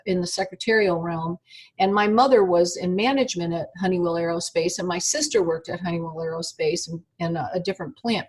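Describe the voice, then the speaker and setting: Husky older woman telling a story. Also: lowish voice. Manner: animated storyteller, acts out quoted dialogue. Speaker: interview guest. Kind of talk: personal storytelling in an interview.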